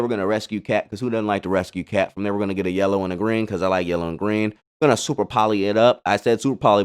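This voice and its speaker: Male host, relaxed slangy game commentary, smooth low-set voice. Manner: laid-back, slangy, chatty asides. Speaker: gaming channel host. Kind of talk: casual card-game replay commentary.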